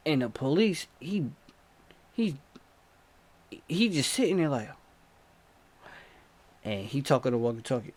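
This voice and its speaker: A young man telling a story in a casual vlog, animated and slangy, swinging from low mutters to excited outbursts. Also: measured pace, long pauses. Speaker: storytime vlogger.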